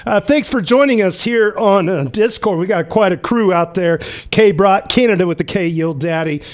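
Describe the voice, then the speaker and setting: Chatty upbeat male livestream host. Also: sits high. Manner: upbeat, chatty, reads names and announcements quickly. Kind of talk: casual livestream hosting.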